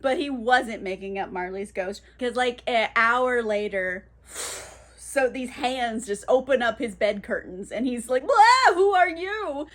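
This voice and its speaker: A woman's voice: fairly high pitch, unhurried, a bit bright. A woman recapping a classic novel for her book vlog in a chatty, filler-heavy, swearing manner. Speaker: book vlogger.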